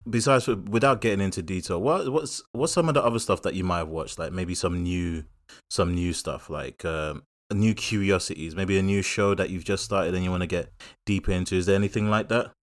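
A young man with a very deep voice, co-hosting a casual podcast. He jokes around, leans into playful asides and keeps the chat moving. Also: brisk.

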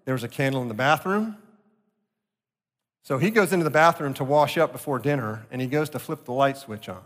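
A male pastor delivering an earnest sermon, slowing down to stress key points. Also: medium pitch, a bit bright. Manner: earnest preaching, slowing for emphasis. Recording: long reverb of a large hall.

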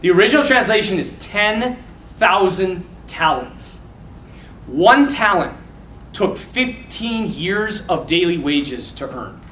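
High bright-voiced man, animated. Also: takes it slowly, a little hiss or hum. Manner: animated, casual, quotes scenes with feeling. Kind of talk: informal talk to young men. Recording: echoey room from far off.

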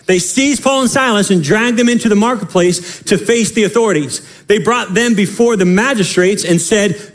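A male pastor preaching a sermon in an animated, emphatic way, often repeating phrases. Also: sits high, normal speed, hardly any pauses.

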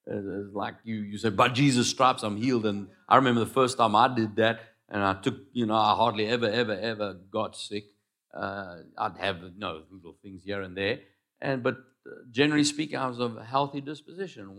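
A pastor with a medium-pitched voice preaches a sermon, swinging between loud calls and quiet asides. He has the congregation repeat phrases after him.

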